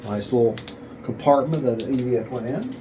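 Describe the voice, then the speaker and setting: A man's voice: mid-range voice, brisk, background noise. A man hosting a hobby video, casually thinking aloud and correcting himself as he unboxes, often calling things cool.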